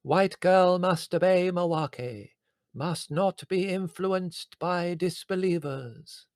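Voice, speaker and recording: A man voicing a pompous older female spirit medium who booms slow, trance-like pronouncements. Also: no room sound, clean studio sound. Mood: solemn, portentous.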